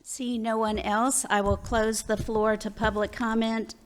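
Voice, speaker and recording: A woman's voice: on the high side, little pitch movement, measured pace. A woman chairing a city council meeting, speaking in a plain, conversational way with some fillers.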